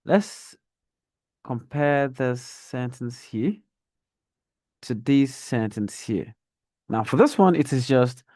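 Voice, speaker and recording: A man teaching a reading lesson, speaking deliberately and modelling intonation as he reads a children's story aloud. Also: medium pitch, lively intonation, a little mellow, no echo, studio quality. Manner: slow, deliberate, demonstrates intonation.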